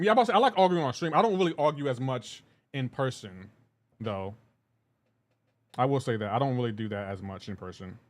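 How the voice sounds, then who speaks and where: A man talking casually with his live chat while gaming, rambling and laid-back, often laughing. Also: medium pitch. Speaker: livestreaming gamer.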